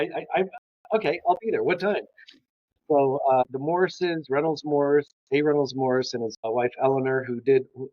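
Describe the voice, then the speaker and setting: In a storytelling interview, an older male guest art historian with a medium-pitched voice shares enthusiastic anecdotes and acts out their dialogue. The dry recording has a slightly dull, lo-fi sound.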